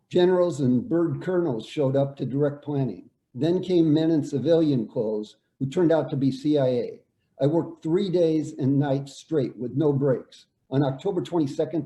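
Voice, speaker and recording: An older man, a veteran, reading out his own war story in a measured, plain way. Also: on the high side, mellow. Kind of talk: reading a prepared personal story. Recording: echoey room.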